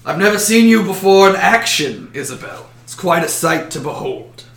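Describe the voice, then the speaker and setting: A man's voice: sits high, animated, moderate pace, pitched above the performer's own voice. A man voicing a male dwarf warrior in a raised, admiring tone. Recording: roomy echo.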